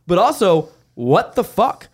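Male co-host, dry sarcastic film commentary, somewhat high voice. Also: sing-song, measured pace, breathy edge. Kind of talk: casual chat.

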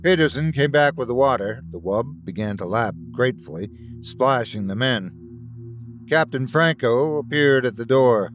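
A man narrating a scripted story in an expressive, dramatic way. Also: medium pitch, moderate pace, faint music behind. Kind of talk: scripted horror story reading.

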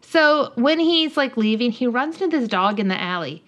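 A woman co-hosting a podcast in casual chat, animatedly retelling a show and acting out the characters' lines. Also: fairly high pitch. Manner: animated, acts out characters' lines in quick voices. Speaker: podcast co-host.

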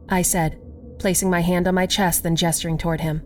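Casting: female horror narrator, lower voice, unhurried and measured, faint music underneath. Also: level tone. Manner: slow, measured storytelling. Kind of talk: scripted horror story narration.

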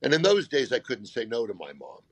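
A man's voice: mid-range voice, huge pitch swings, brisk, no echo. A man in casual conversation, a guest comedian telling rambling, self-deprecating anecdotes with frequent restarts. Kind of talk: casual storytelling chat.

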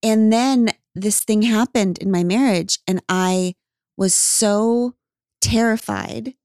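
A woman's voice: medium pitch, slow pace, a little mellow, smooth, no room sound, studio quality. A woman telling a candid story in casual podcast chat, swearing and acting out what she said back then. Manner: candid, swears, acts out her own past lines. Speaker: podcast guest.

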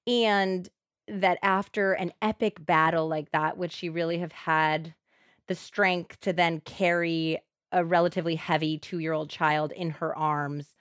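A woman co-hosting a podcast, telling a true crime story in an animated, expressive way. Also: lowish voice, unhurried, clear, resonant tone, no room sound, studio quality. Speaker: podcast co-host.

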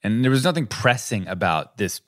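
Animated man swearing in casual chat. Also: moderate pace. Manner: animated, swears, jumps to high pitch when quoting. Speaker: podcast co-host.

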